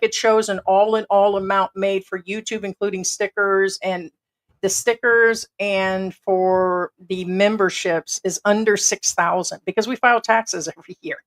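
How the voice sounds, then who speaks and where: A middle-aged American woman hosting a casual livestream from home, rambling and blunt with casual swearing. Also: medium pitch. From United States. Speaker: livestream host.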